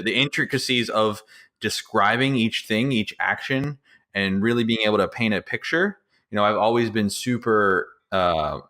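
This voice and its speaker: A man with a somewhat low voice chatting on a podcast. He rambles enthusiastically, piling up filler words as he tells stories from game night. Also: fairly bright tone. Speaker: podcast co-host. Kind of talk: casual chat.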